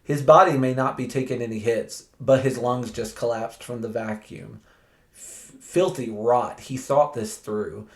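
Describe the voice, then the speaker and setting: A man's voice: mid-range voice, a little slow, close to an everyday voice. A man doing a crude, sneering British antihero.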